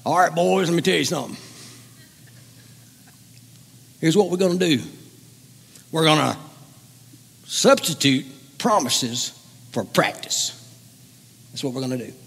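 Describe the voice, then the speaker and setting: A man's voice: a little high, animated, normal speed, creaky, pauses often, a bit bright, husky, big-room sound, heavily acted. A man putting on a folksy male college football coach with an exaggerated country drawl, giving a boastful, rousing pep talk.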